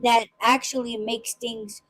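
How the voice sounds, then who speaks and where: A woman's voice: fairly high pitch, little pitch movement, unhurried, fairly bright tone, low-quality recording. A woman hosting a casual podcast chat, talking emphatically with frequent restarts and swearing. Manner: emphatic, swearing freely, many repeated restarts. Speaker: podcast host.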